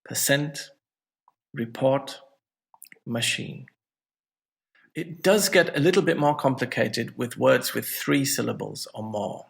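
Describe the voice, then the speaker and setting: A man's voice: medium pitch, expressive, normal speed, vocal fry, few pauses. A man teaching an English lesson in a chatty, friendly way, with joking asides. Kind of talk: casual video lesson.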